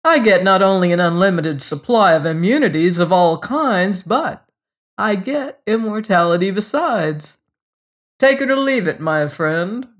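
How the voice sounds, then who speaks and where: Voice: mid-range voice, animated, measured pace, close to an everyday voice. A narrator voicing a smug man who bargains with the devil, in a pushy, self-satisfied storybook reading.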